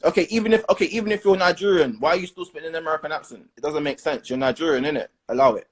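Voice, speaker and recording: Blunt young man with a husky voice. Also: a little high, racing. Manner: blunt, animated, leans on slang and "do you understand". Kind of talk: casual opinionated chat.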